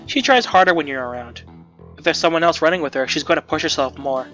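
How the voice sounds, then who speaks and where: A man's voice: on the high side, fast talker, a bit bright, dull audio, soft background music, natural voice. A man reading a teasing male school nurse. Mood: amused.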